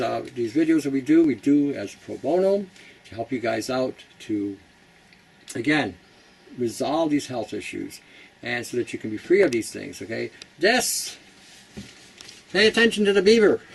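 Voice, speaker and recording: A man's voice: medium pitch, creaky, a little hiss or hum, poor audio. A man hosting a casual how-to talk, chatty and blunt, laughing at his own jokes. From Canada. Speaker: host.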